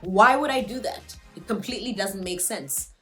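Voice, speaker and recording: A woman's voice: mid-range voice, normal speed, sharp tone, soft background music. A woman recapping a TV episode in a casual vlog, joking and slangy. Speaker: TV show reviewer.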